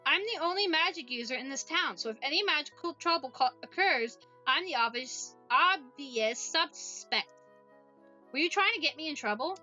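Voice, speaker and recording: A woman's voice: high-pitched, expressive, moderate pace, pushed and bright, dull audio, faint music behind, heavily acted. A woman voicing an earnest, polite young witch girl who talks in a formal, careful way in a voiced visual novel. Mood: puzzled.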